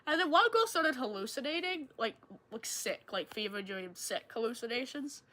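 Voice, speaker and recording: A young woman streamer rambling through a story while she plays a game, full of "like" fillers and sudden excited jumps in tone. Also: normal speed. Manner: animated, jumps into high excited tones. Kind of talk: casual storytelling while gaming.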